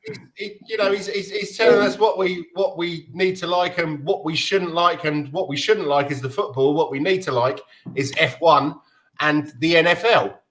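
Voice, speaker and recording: A man's voice: a little high, fairly bright tone. A man chatting as a guest on a fan stream, cracking dry jokes. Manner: dry joking, quick banter. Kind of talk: casual chat.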